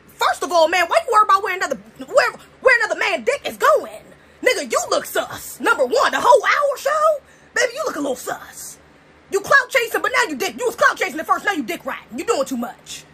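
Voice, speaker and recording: A woman's voice: very high-pitched, pushed and bright, a little hiss or hum. A young woman from the United States ranting to camera in an emphatic, profane way, firing off rhetorical questions. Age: young adult. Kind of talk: opinion rant to camera.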